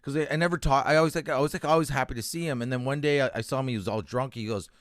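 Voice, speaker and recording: A man's voice: mid-range voice, rapid-fire, no echo. A Canadian man telling a personal story on a radio show, his voice open and emotional, with frequent swearing and broken-off restarts. He sounds close and dry, with no room around him. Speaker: comedian guest. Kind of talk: candid interview storytelling. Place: radio studio.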